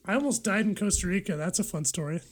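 Young man, higher-pitched voice, relaxed podcast chat, frequent ums. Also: fast. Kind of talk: casual storytelling chat.

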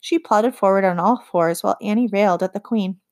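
A woman reads a children's fantasy novel aloud in a calm, measured way. Her voice sits at an everyday pitch and carries the story steadily. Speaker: audiobook narrator. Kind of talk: scripted audiobook narration.

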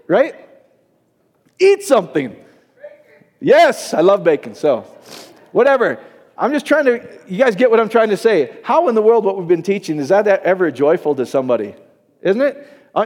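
Guy pastor preaching, kinda high voice, jokey, does little voices, long hall echo. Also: brisk. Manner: animated, acts out quoted voices, jokes with the congregation. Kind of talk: sermon.

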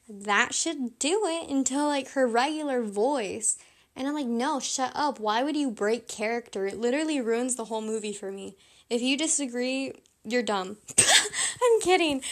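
A young woman rating movies in a chatty, blunt, self-mocking monologue. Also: high voice.

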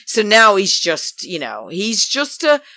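A woman's voice: mid-range voice, huge pitch swings, measured pace, bright, forceful tone, dry recording. A woman giving chatty, gossipy commentary on a reality show, laughing often and calling her viewers darlings. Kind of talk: casual commentary vlog.

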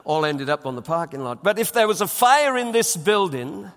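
A man's voice: high-pitched, sing-song, normal speed, fairly bright tone, long reverb tail. A man preaching a sermon as pastor, emphatic and repeating his phrases for weight. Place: church auditorium.

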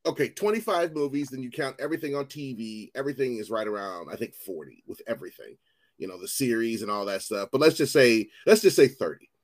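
Animated, profane man chatting on a podcast. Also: mid-range voice, fast. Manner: animated, profane, rambling with restarts. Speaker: podcast co-host. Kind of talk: casual chat.

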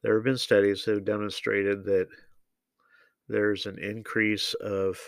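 A man giving opinionated solo political commentary, measured and deliberate, with frequent ums and uhs. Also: on the low side, little pitch movement, creaky, dry recording.

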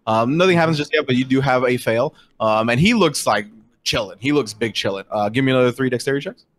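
A man's voice: medium pitch, lively intonation, fast talker, a little hiss or hum. A man narrating as game master in a casual, filler-heavy way.

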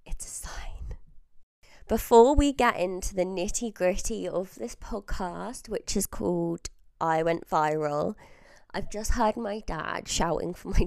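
Chatty young woman, gravelly, close-miked. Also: medium pitch, a little mellow, dry recording. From southern England. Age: early 20s. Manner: chatty storytelling, laughs often, swears, drops into whispers. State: feeling unwell. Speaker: podcast host. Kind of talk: casual chat. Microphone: very close to the mic.

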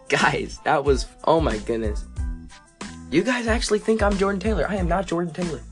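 A man's voice: high voice, expressive, soft background music. A young man hosting a fan podcast in a casual, playful, joking way. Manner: playful, joking, quick asides.

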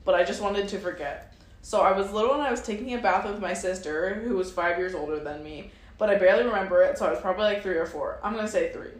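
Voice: medium pitch, fast talker. A podcast co-host reading a listener's story aloud in a casual, giggly way, restarting after stumbles. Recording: roomy echo.

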